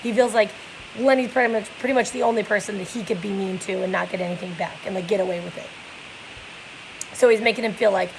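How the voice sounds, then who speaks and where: A woman's voice: medium pitch, fairly even intonation, fast, gravelly, slight background noise, rough recording. A young woman reading a novel aloud and explaining it casually, with many fillers.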